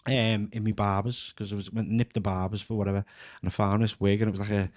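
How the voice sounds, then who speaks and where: With a lowish, darkish voice that barely moves in pitch, a Liverpool comedian with a Scouse accent tells quick-paced casual stories as a podcast guest. He's chatty, laughs frequently, and fills gaps with "like."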